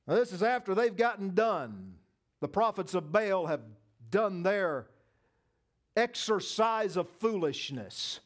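A man preaching a sermon, emphatic, with loud peaks, quiet asides and folksy humor. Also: high voice, big pitch swings, measured pace.

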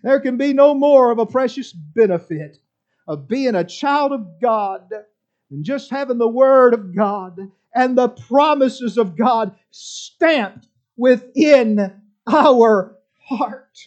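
A man preaches in a high voice, pressing hard on his points and dropping to a near hush between them. The recording from the church service sounds dull and lo-fi. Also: expressive, a little slow. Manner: fervent, emphatic preaching with big swings in loudness. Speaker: pastor. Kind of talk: sermon.

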